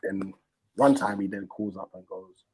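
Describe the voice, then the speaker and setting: A man telling a long personal story in casual chat, animated and full of slang and fillers. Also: low voice, measured pace, slightly rough, low-quality recording. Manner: animated, acts out quoted people in a raised voice. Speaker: stream host.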